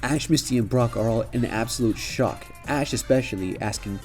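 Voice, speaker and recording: A man's voice: mid-range voice, moderate pace, a little mellow, soft background music. A man casually narrating a fan-made story, chatty and speaking directly to his listeners.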